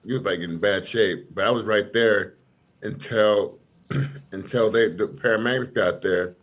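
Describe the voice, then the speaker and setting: A man's voice: lowish voice, unhurried. A man guest chiming in on a casual podcast in a slangy, loose way, often laughing.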